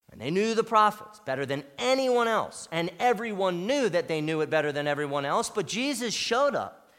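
A man with a high voice preaching in a church, his delivery emphatic as it surges loud and then drops to a near hush. The sanctuary gives his words a long, trailing reverb. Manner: emphatic preaching with wide swings from loud to hushed. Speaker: pastor. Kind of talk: sermon.

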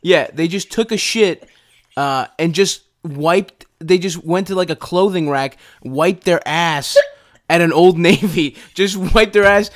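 A man, a guest comedian on a podcast, telling profane stories with loud disbelief. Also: sits high, measured pace. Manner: incredulous, profane storytelling. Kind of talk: casual comedic chat.

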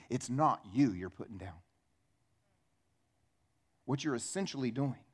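A man preaching a sermon as pastor, animated, acting out little dialogues in changing voices. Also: on the high side. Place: church.

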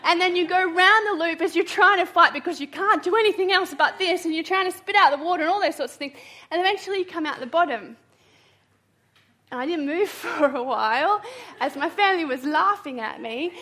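Bright, high-pitched woman preacher. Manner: animated storytelling, laughs often. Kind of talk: sermon with personal story.

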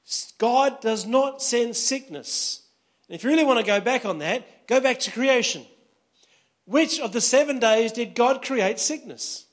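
A man's voice: very high-pitched, expressive, unhurried. A pastor preaching a sermon in a conversational way, often checking in with his listeners.

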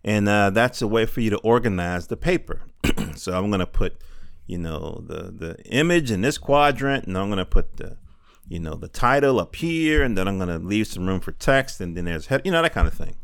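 A middle-aged man talks in a loose stream of consciousness, his voice low and smooth. He drifts between thoughts with plenty of fillers and casual swearing. The sound is dry and close, with no room around it. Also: animated, normal speed, dry recording. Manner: loose and digressive, full of fillers and profanity. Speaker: podcaster. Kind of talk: rambling stream-of-consciousness monologue. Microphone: handheld field recorder.

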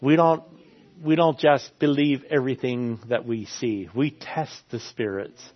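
A man's voice: mid-range voice, steady tone, a little slow. A man preaching a sermon in an earnest way, often repeating his key phrases for emphasis. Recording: slightly dull lo-fi sound.

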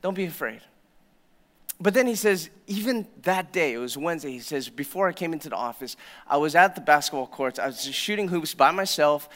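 A male pastor preaching a sermon in a church, telling a story and swinging between hushed, low passages and loud, emphatic proclamation. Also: expressive, brisk. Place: church sanctuary.

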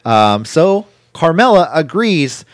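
Give me a man casually recapping wrestling, with lively pitch and a dry recording. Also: no echo. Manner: rambling recap with quick voice impressions. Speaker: podcast co-host recapping wrestling. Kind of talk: casual chat.

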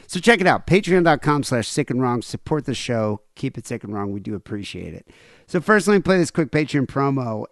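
A man's voice: mid-range voice, no room sound, studio quality. A middle-aged man co-hosting a comedy podcast, jokey and playful. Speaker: podcast co-host. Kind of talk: casual comedic chat.

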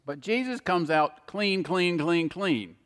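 A man preaching a sermon, repeating key words for emphasis with slow, deliberate phrasing. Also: high-pitched, expressive, fairly bright tone, long reverb tail.

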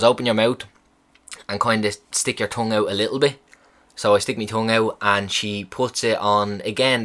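A young man rambles through a story in a casual chat. His voice sits a little low, and he swears freely as he retells events with animated emphasis. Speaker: vlogger.

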